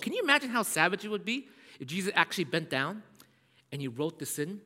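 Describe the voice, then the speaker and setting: A male pastor preaching a sermon as animated storytelling. He checks in often with "right?" and suddenly drops his voice to a whisper. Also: a little high, fast talker. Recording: echoey hall.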